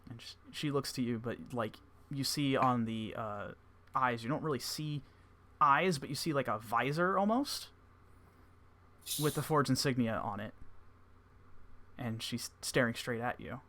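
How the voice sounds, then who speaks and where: A man narrating a tabletop game as game master, halting with many fillers. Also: medium pitch, animated, bright, forceful tone, slight background noise. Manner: hesitant, many filler words.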